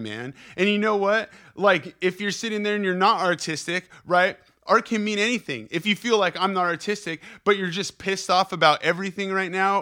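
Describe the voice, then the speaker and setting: A man's voice: high voice, bright, forceful tone. A young man hosting a podcast, giving a profane, rambling, fired-up pep talk. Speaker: podcast host. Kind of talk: casual podcast monologue.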